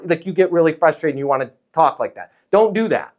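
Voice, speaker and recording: Male sales coach with a fairly high voice, emphatic, animated delivery that acts out little scenes. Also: fast, few pauses.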